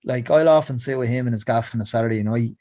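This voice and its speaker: A man's voice: mid-range voice, fast, warm tone. An Irish man hosting a podcast, chatting in a casual, enthusiastic way. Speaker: podcast host.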